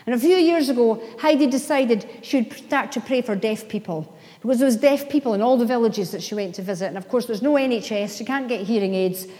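A high-voiced woman delivers a sermon from the pulpit, pressing her points with impassioned emphasis. Her words ring out with the long reverb of a large church hall. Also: brisk, mellow. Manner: impassioned, rising to emphatic declarations. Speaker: pastor.

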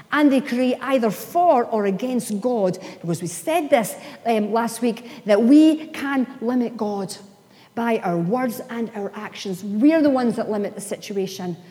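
A woman's voice: fairly high pitch, mellow. Woman preaching in a reverberant hall. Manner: emphatic, playful asides, slows down for emphasis. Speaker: pastor. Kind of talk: sermon.

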